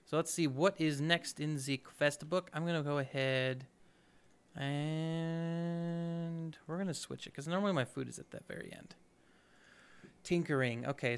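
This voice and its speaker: A man's voice: a little high, creaky, clean tone. A man hosting a let's play, giving upbeat, chatty gameplay commentary and thinking aloud as he goes.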